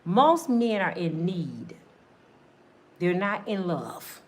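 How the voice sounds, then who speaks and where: A woman delivering a comedic monologue, acting out little scenes and swinging between loud bursts and hushed asides. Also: on the low side, very animated, very slow. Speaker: comedic talk show host.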